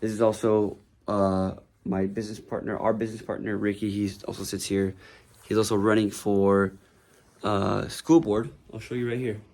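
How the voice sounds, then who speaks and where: A man's voice: fairly low pitch, flat delivery, moderate pace, a little mellow. A man who works as a real estate agent giving a casual, rambling tour of his office, talking loosely with many fillers. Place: office indoors.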